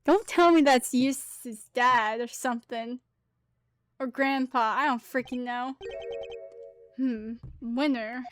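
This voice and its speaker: A woman streamer giving casual, animated gameplay commentary, exclaiming and laughing. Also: high voice, slow, pauses often, soft background music. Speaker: game streamer.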